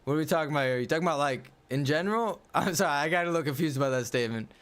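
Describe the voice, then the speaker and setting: High-voiced man ranting bluntly. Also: very fast, a bit bright. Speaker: gaming livestreamer. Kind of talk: casual livestream chat while playing.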